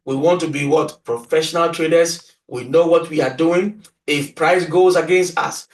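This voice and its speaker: A man's voice: on the high side, steady tone, normal speed. A man teaching a beginner trading lesson, who repeats his points and keeps prompting listeners with "right?" and "what?". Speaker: trading instructor. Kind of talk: screen-share tutorial lecture. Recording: echoey room, voice distant from mic.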